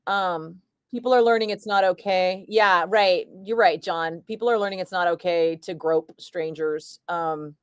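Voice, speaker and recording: A woman's voice: medium pitch, no echo, clean studio sound. Chatty, blunt radio DJ woman. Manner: chatty and blunt, answers viewers' comments, laughs easily. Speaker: radio DJ chatting with live stream viewers. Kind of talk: casual livestream chat.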